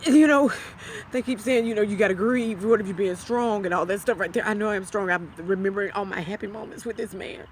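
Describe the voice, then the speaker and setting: A grieving widow talking to camera in a heartfelt, halting way, her voice sometimes breaking into a whisper. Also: medium pitch, slight background noise. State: grieving, near tears. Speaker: widow sharing her grief. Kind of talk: emotional personal talk to camera.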